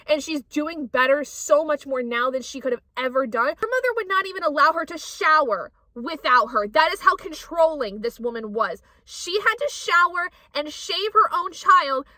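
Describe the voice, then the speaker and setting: Woman vlogger, high bright voice, heated and sweary, on the go, dry close sound. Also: expressive, moderate pace, hardly any pauses, no room sound. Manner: heated ranting, swears often. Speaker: book vlogger. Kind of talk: casual vlog chat. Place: out running errands, on the go.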